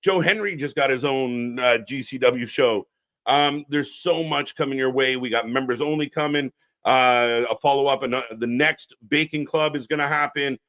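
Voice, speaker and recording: A man's voice: medium pitch, moderate pace, a bit bright. A man hosting a live wrestling watch-along stream, riffing bluntly and sarcastically with lots of swearing while talking to the chat. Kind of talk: unscripted live alternative commentary.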